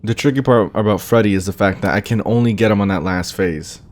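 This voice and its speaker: A young man does let's play commentary on a horror game, talking to himself and groaning or exclaiming when things go wrong. He talks fast in a lowish voice over a noisy background.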